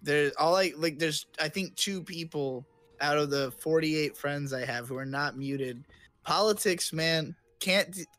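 A man's voice: a little high, measured pace, fairly bright tone. A man chatting casually as a podcast guest, wry and laid-back. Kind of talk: casual chat.

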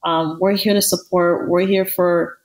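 A woman co-hosting a podcast in casual chat, talking in an animated, emphatic way and repeating phrases for stress. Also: fairly low pitch, measured pace, low-quality recording. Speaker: podcast co-host.

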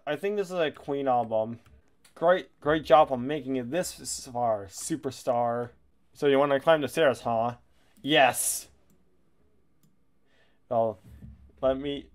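Excitable man doing casual game commentary. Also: medium pitch. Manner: excitable, laughs and swears often. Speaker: gaming YouTuber.

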